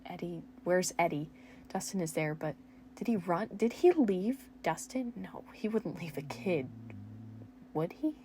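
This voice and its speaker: A woman's voice: on the low side, animated, a little slow, warm tone, slight background noise. A woman voicing a frightened young man who pleads urgently with a wounded friend. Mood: pleading.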